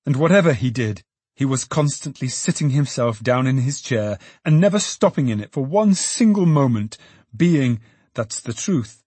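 A man narrating a classic novel in an expressive storytelling manner. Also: medium pitch, normal speed, breathy edge, dry recording. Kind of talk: audiobook narration.

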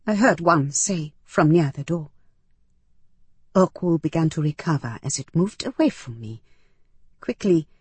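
A woman reading a first-person story aloud as an audiobook narrator, in an unhurried, earnest way. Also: sits low, husky, no echo.

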